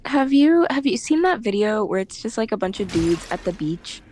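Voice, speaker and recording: A woman's voice: medium pitch, very animated, normal speed, a little mellow, a little hiss or hum. A woman chatting casually on a stream, tossing in chatty asides and laughs.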